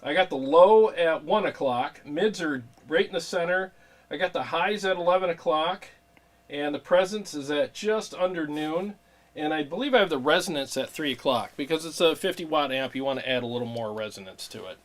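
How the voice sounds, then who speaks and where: A man co-hosting a casual guitar livestream, laid-back, laughing easily and joking with his co-host. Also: on the high side. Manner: laid-back, laughs often, quick asides.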